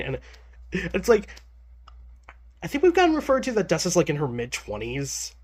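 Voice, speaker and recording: A man's voice: on the high side, very animated, normal speed, pauses often. A man giving a casual manga chapter review. He sounds nervous and stammers often, with many restarts, but stays chatty and laughs a lot.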